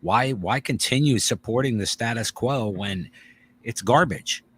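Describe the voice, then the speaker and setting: A man's voice: mid-range voice, a little slow, fairly bright tone, slight background noise. A man co-hosting a casual podcast chat, blunt and heavy on swearing, rambling through his points. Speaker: podcast co-host.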